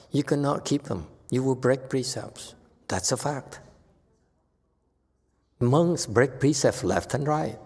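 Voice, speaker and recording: A male Buddhist teacher giving an animated, emphatic dharma lecture. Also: mid-range voice. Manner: animated, emphatic, voices dramatic quotes. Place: temple lecture hall. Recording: long hall reverb.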